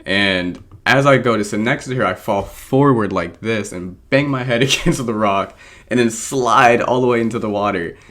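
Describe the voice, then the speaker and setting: A man's voice: on the low side, moderate pace, a bit bright. A man chatting casually while he plays a competitive game, rambling with lots of ums and laughing at himself. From born in England, raised American. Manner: rambling, frequent ums, self-deprecating laughs. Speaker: draft league coach and video creator. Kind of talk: casual gameplay commentary.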